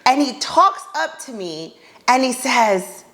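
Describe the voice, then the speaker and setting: A woman with a fairly high voice, speaking slowly, hosts a podcast and casually tells a funny dating story. She's animated, acting out her own lines and reactions in dialogue and tossing in blunt, exasperated asides.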